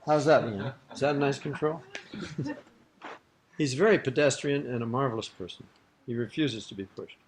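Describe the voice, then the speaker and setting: A man's voice: mid-range voice, animated, normal speed, pauses often, slight background noise. Older man, interviewee, rambling anecdotal storytelling, amused, archival tape. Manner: rambling, amused, breaks into laughter.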